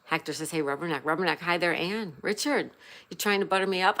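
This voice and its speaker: Soft-spoken woman chatting on a baking livestream. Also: lowish voice, fast. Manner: soft, chatty, reads viewer names aloud. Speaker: livestream host. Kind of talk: casual live-stream chat while baking.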